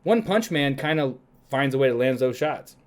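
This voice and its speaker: Excitable, foul-mouthed podcast bro. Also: male voice, medium pitch. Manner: excitable, swears freely, slips into quick mock voices. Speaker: podcast co-host. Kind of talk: casual podcast chat.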